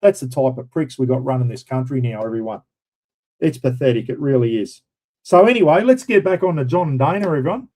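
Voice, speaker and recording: A man's voice: medium pitch, lively intonation, brisk, darkish tone, low-quality recording. An Australian man hosting a casual livestream, ranting bluntly and indignantly, swearing freely and calling his viewers "everyone". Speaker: livestream host.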